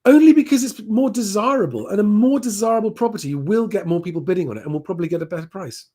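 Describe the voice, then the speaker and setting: A man hosts a live stream and answers viewer questions one by one. His voice sits a little higher than most men's. He talks in a loose, easygoing way, often pausing on "um". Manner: relaxed, conversational, frequent "um" fillers.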